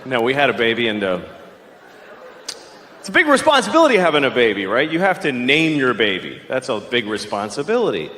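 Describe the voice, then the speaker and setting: A man's voice: huge pitch swings, a little fast, reverberant, in a large hall. A middle-aged man doing a profane, ranting stand-up comedy set on a club stage. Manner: ranting, profane, jumps into shrill yelling bits. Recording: live set with clear audience noise.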